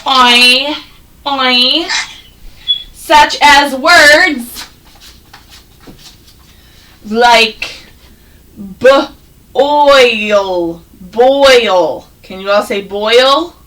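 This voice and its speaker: Woman, first grade teacher, high voice, encouraging, exaggerated sounding out, slightly distant mic. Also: drawn-out words, pauses often, fairly bright tone. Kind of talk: classroom phonics and reading lesson.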